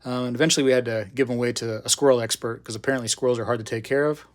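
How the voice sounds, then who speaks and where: A middle-aged man spins a casual, meandering story on a live stream, full of asides and fillers. His voice sits at an ordinary middle pitch and rises loud and high at the exciting moments. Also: very fast. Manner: chatty, digressive, lots of fillers and asides. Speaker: host of a live hobby show.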